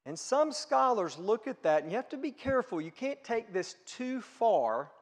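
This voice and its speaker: A man preaching a sermon with a fairly high voice. He talks earnestly and conversationally, asking questions aloud. His voice rings with a long reverb, as in a big hall. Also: big pitch swings, normal speed. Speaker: pastor.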